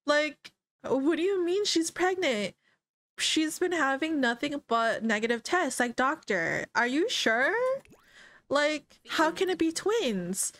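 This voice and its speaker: A woman's voice: sits high, lively intonation, takes it slowly, a bit bright, voice pushed up, heavily acted. A woman voicing a stunned young husband in a life-sim game, stammering out incredulous questions. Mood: disbelieving.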